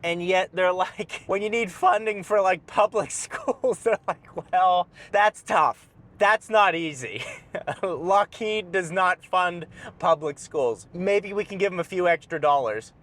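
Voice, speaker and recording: A man's voice: high voice, a little slow, fairly bright tone. Joking man vlogging from his car. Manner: joking, rambling asides. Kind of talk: casual driving vlog commentary. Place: inside a car while driving.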